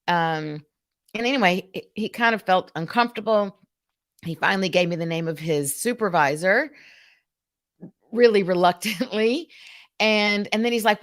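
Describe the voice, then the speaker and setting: A woman hosting a live stream, telling a frustrating story in a casual, animated, exasperated way. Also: on the low side, normal speed. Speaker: host.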